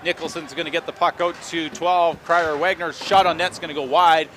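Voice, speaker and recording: A man calling hockey play-by-play in a rapid running stream, with dry joking asides between plays. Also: on the high side, fairly even intonation, a bit bright, a little hiss or hum. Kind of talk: play-by-play sports commentary.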